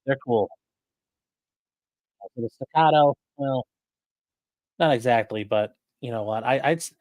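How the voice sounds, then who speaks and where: A man's voice: mid-range voice, unhurried, long pauses, a little mellow, no room sound, poor audio. A man hosting a live stream, casually chatting and answering viewers' comments. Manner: chatty, rambling, fixing mic settings mid-stream. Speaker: livestream host reading chat. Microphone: streaming desk mic.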